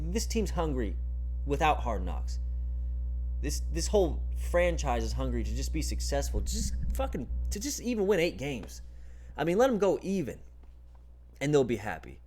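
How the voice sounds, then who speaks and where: A young man hosting a casual solo football recap, talking in energetic, opinionated rants with frequent swearing. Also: fairly high pitch, slight background noise. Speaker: sports commentary host.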